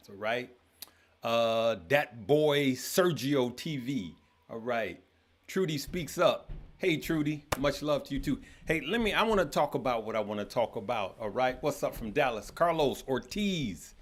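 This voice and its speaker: Casual man greeting livestream viewers. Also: mid-range voice. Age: adult with children. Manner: greets viewers by name, stumbles over names. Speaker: livestream host.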